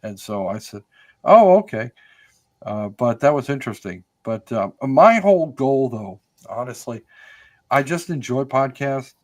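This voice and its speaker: Older American man, podcast guest, mid-pitched, chatty and rambling, plenty of ums and false starts. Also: expressive, moderate pace. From United States. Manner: rambling, many fillers and restarts. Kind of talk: casual conversational storytelling.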